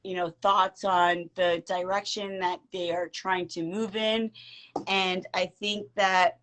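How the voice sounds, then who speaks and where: A woman co-hosting a casual live-stream podcast, talking slowly and hesitantly. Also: lowish voice, little pitch movement, a bit bright. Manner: giggly, fits of laughter; slow, hesitant. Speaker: podcast co-host.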